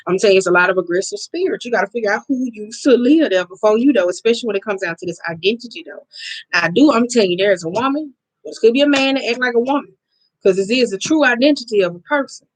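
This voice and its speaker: A woman giving a casual card reading to her viewers, blunt and profane, with emphatic, drawn-out repetitions. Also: a little high, no echo, poor audio. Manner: blunt, profane and expressive, talking straight to viewers. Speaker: oracle card reader.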